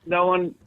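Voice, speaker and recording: A man's voice: high voice, slight background noise. A man from Australia with an Australian accent, calling in to a talk show, polite and easygoing. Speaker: caller. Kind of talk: phone call chat. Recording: tinny phone line with faint music.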